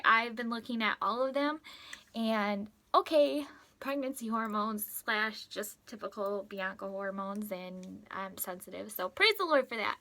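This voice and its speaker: A woman in her thirties telling a story to her camera at home, chatty and excitable, often acting out what people said. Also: on the high side. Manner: chatty, excitable, lots of "like" and quoted dialogue. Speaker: vlogger. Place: at home, in a closet.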